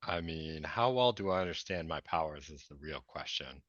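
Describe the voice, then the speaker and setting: Deep bright-toned man playing a tabletop game. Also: lively intonation, moderate pace, no room sound, muffled recording. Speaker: player.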